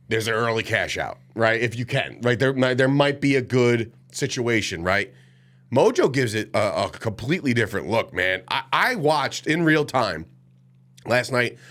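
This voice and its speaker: A man's voice: medium pitch, fairly bright tone. Male sports show host, stuffy nasal voice, rambling casual delivery, corrects himself a lot. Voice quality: nasal today, sniffly. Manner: loose, rambling, self-correcting.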